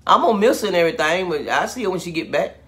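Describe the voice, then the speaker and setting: A man bantering with his wife as co-host, animated and joking. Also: high voice, rapid-fire. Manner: animated, joking, Southern US vernacular. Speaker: co-host, husband. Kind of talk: casual banter.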